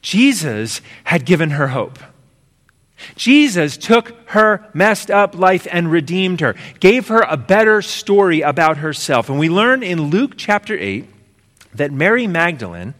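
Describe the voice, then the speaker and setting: Male pastor preaching in a reverberant hall. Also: a little high. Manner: rhythmic repetition, swinging from emphatic to hushed. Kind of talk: sermon.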